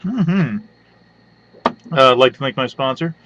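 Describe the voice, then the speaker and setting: A man's voice: mid-range voice, lively intonation, measured pace, a bit bright, slight background noise. A man doing a profane, rambling, sarcastic comedy rant, with lots of hums and side remarks, recorded on a webcam at home. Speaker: webcam vlogger. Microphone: webcam mic. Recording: dull lo-fi webcam audio.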